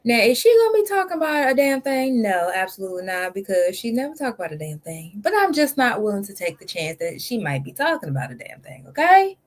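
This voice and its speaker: A woman's voice: fairly high pitch, very animated, quick pace, hardly any pauses. Blunt drawling woman host. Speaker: reaction channel host. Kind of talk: casual commentary.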